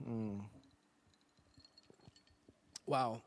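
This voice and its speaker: A man's voice: medium pitch, fairly even intonation, drawn-out words. Sarcastic man hosting a casual podcast. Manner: dry, sarcastic, joking. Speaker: podcast host. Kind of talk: casual chat. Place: indoors on a couch.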